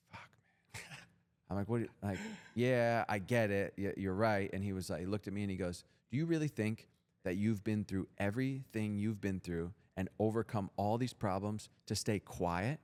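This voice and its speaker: A man's voice: lowish voice, a little fast, a little mellow. A young man as a podcast guest, telling his story in a blunt, profane, intense motivational way. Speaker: guest entrepreneur.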